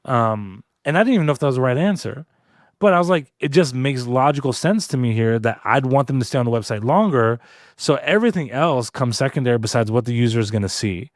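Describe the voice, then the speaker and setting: A man co-hosting a podcast, telling a story in a casual, animated way with lots of fillers. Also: mid-range voice, fast talker, no room sound, clean studio sound. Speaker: podcast co-host. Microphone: podcast studio mic.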